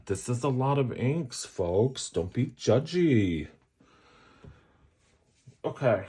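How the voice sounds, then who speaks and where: Very animated yet slow-paced, a man's warm, husky mid-range voice carries this casual ink review. An adult and a parent, he swatches fountain pen inks while joking, mocking himself and tossing in chatty asides for viewers.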